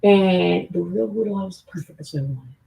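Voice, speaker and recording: A woman livestreamer delivering a rambling, profane monologue, lurching between hushed whispers and sudden shouts. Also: fairly low pitch, moderate pace, vocal fry, poor audio. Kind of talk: rambling live-stream monologue.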